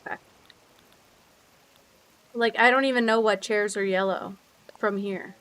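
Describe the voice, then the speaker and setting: A woman's voice: mid-range voice, fairly even intonation, measured pace, fairly bright tone, poor audio. A young woman streaming a game, chatting casually, sometimes swearing and cooing baby talk at her pets. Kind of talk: casual chat while playing a game.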